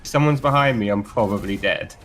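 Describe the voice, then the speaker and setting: A man's voice: fairly low pitch, brisk, a bit bright, slight background noise. A man, co-hosting a casual gameplay review and joking at his own mistakes. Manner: self-deprecating, jokey, laughs at himself. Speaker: co-host whose play is being reviewed.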